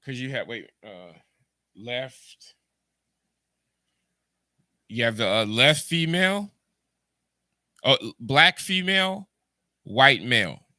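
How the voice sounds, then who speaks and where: A man's voice: medium pitch, expressive, takes it slowly, pauses often, sharp tone, no room sound. A man with a Jamaican accent hosting a livestream, rambling through ideas, repeating words and answering his chat. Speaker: podcast host. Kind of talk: casual livestream commentary.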